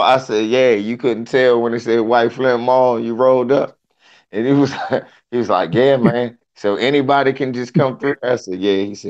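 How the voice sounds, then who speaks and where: A man hosting a casual podcast, telling profane, animated stories with quick jokes. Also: mid-range voice, highs cut off. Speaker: podcast host. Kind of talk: casual chat.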